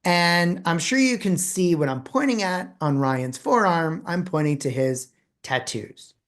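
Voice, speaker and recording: A man presenting a talk, telling a personal story with dramatic pauses and acted-out dialogue. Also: a little high, lively intonation, a bit bright.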